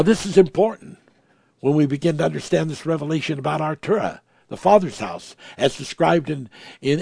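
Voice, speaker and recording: A man delivering a sermon in a slightly high, gravelly voice with a husky edge. He drops to near-whispered reverence, then rises into emphatic, forceful preaching. The recording is dry, with no room sound. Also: no room sound. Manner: swings from hushed awe to emphatic raised preaching.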